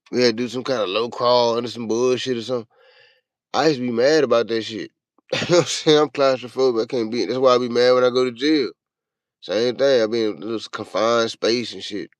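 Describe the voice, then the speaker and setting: A man hosting a show, telling a long, profane personal story in a casual, animated way. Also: medium pitch, no echo. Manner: profane, animated, acts out his own panicked yelling. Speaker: show host.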